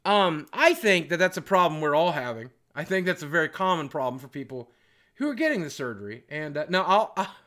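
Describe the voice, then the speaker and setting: A middle-aged man chatting and joking with his viewers on a live stream, teasing them and swinging between loud and quiet. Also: fairly high pitch, very animated, a little fast. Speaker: livestreamer. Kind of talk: casual live-stream chat.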